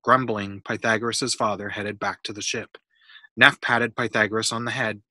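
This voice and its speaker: Bright-voiced man reading a story aloud. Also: fairly low pitch, fairly even intonation, normal speed, dry recording. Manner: patient, explanatory. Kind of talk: storybook read-aloud with math questions.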